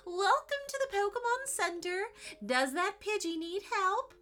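A cheerful storybook nurse greets visitors in a bright, sing-song lilt, put on by a woman reading the story. Her voice sits very high and swoops about playfully. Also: lively intonation, a little slow, soft background music, heavily acted.

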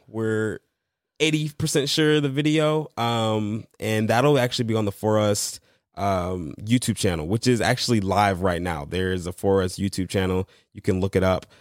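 A man's voice: lowish voice, normal speed, dry recording, studio quality. A man co-hosting a casual podcast with his wife, playful and teasing. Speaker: podcast co-host. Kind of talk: casual chat.

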